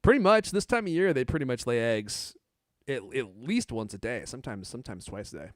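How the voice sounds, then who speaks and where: A man's voice: medium pitch, lively intonation, a little fast, no room sound, studio quality. A man hosting a podcast, teasing his co-hosts and laughing often. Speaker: podcast host. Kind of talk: casual chat.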